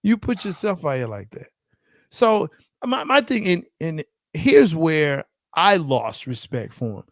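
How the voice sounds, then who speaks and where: A man hosting a casual sports debate show, animated, laughing often and acting out quotes. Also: fairly high pitch, unhurried, no room sound, clean studio sound.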